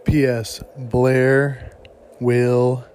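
A man's voice: medium pitch, little pitch movement, very slow, darkish tone. A middle-aged man hosting a podcast in loose, rambling casual chat with lots of fillers. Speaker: podcast host.

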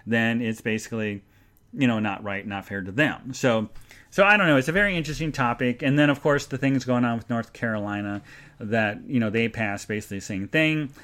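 A man hosts a live podcast, rambling casually, reading out listener chat comments, and making jokingly sarcastic plugs for the show. His mid-range voice is fairly bright and fairly quick.

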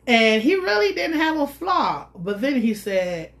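Slow-storytelling woman podcast co-host. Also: on the high side, sing-song. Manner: slow storytelling, laughing asides, acts out quotes. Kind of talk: casual chat. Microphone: studio microphone.

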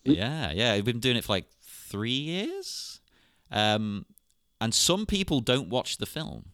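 Lively, bright-voiced male podcast host. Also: medium pitch, slow, clean tone, dry recording, clean studio sound. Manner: animated, laughs often. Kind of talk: casual chat.

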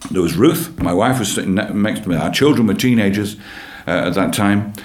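A man with a fairly low voice tells his story of faith in a guest interview, earnest and animated, circling back over his own words as he goes. The room around him adds a noticeable echo. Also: brisk. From England. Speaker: church leader and guest. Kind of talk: personal testimony in an interview. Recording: roomy echo.

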